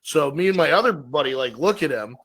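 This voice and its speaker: A man's voice: a little high, lively intonation, brisk, a bit bright, husky. A man co-hosting a podcast, telling rambling stories in casual chat with lots of fillers. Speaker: podcast co-host.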